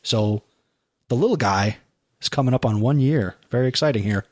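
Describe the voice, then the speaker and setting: A man hosting a podcast in casual chat, who slows down to spell out web addresses. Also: medium pitch, darkish tone. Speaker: podcast host.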